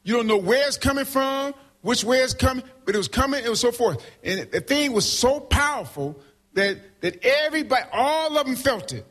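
Husky high-voiced male preacher. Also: normal speed. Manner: call-and-response, keeps asking "right?"; animated, swings between loud and soft. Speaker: pastor. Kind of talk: preaching a sermon.

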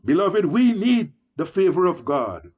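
Lively, high-pitched male preacher. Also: a little slow, breathy edge, dull audio. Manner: exhorting, repeatedly addressing listeners as beloved. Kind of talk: sermon.

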